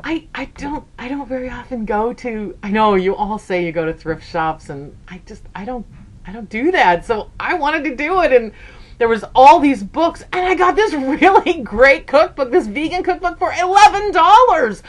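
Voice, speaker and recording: A woman in her fifties chats away in a bubbly, animated storytelling manner, with a voice pitched somewhat high. She keeps saying "okay" and jumps her voice up whenever she quotes someone. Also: moderate pace. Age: 50s. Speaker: sewing vlogger. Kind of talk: casual chat.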